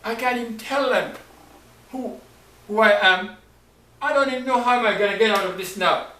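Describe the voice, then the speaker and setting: A man's voice: medium pitch, brisk, a bit bright, lightly acted. A preacher acting out a torn biblical man. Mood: pleading. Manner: pleading, impassioned. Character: torn, emotional biblical man longing for his little brother. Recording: roomy, distant mic, faint hiss.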